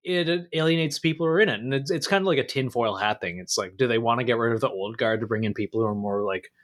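A man's voice: mid-range voice, quick pace. Blunt, joking podcast host man. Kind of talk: casual podcast chat.

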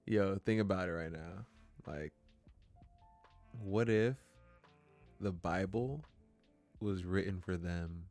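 A man's voice: sits low, slow, pauses often, a little mellow, faint music behind. A young man co-hosting a casual podcast, talking in a laid-back, slangy, joking way. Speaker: podcast co-host.

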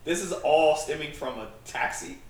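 A man's voice: on the high side, animated, normal speed. A male podcast co-host telling a rambling, casual story, full of filler words and acted-out dialogue. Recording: roomy, distant mic, faint noise.

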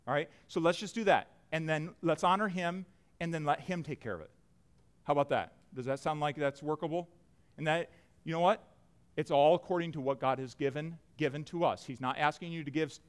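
A man preaching a sermon as pastor to his church, emphatic, with loud rises and soft drops. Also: fairly high pitch. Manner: emphatic preaching, rising and dropping in loudness. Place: church sanctuary.

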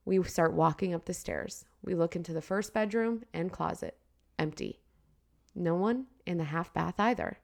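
A woman co-hosting a podcast in casual chat, frank and quick to laugh, who also reads a spooky story aloud with asides. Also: fairly low pitch, vocal fry. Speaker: podcast co-host.

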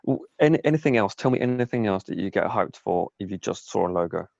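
A man's voice: fairly low pitch, expressive, quick pace, gravelly, darkish tone, no room sound. A man co-hosting a casual podcast chat, ranting and exasperated, swearing often. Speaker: podcast co-host. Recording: dull lo-fi sound, dry.

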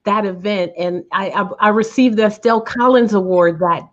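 A woman's voice: medium pitch, normal speed, dull audio. A woman guest speaker answering interview questions in a heartfelt, earnest way, repeating words for emphasis.

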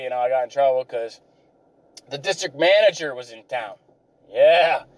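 A man's voice: high voice, rough recording. Tired, swearing guy rambling. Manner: profane, rambling, self-deprecating. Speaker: vlogger. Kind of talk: rambling storytelling.

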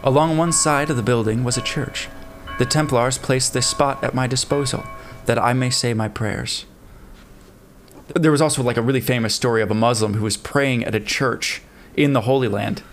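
On a podcast, a man casually tells a history story to his friend and co-host, relaxed and laughing, with plenty of fillers. His voice is medium-pitched at normal speed, with faint music in the background.

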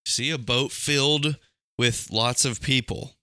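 A man's voice: mid-range voice, measured pace, sharp tone, dry recording, clean studio sound. A young man from Alabama, a podcast co-host who jokes and thinks aloud while guessing. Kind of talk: casual podcast chat.

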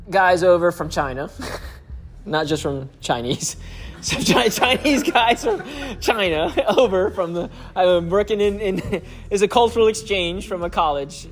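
A man preaching through a personal story, chuckling often as he talks. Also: high voice. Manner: chuckles often while telling stories. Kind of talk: storytelling sermon.

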